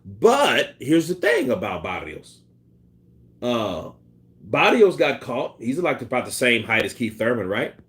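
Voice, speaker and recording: Male streamer host, animated delivery, profane casual boxing chatter. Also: medium pitch, a little slow. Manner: loose and profane, with bursts of laughter; imitates punch sounds and quotes people in put-on voices. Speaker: boxing commentary host reading live chat. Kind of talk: casual live-stream chat.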